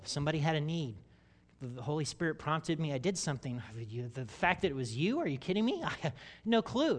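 A male pastor preaching a sermon, expressive, slowing down to stress key words. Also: a little high. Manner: expressive, slows down for emphasis and acts out quoted voices.

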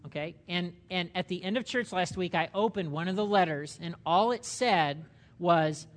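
A man's voice: high-pitched, normal speed. Conversational middle-aged man teaching Bible study. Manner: conversational, asks the group many questions. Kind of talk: interactive church teaching. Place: church meeting room.

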